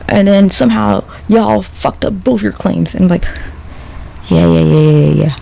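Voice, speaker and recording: A podcast host rambles unhurriedly through a sardonic, profane monologue. His high voice is heavily gravelly with a dark tone, and the rough recording carries a faint hiss.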